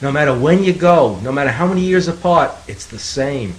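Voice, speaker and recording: Co-host man, slightly raised pitch, wry asides. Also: animated, a little fast, poor audio. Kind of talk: casual talk radio banter.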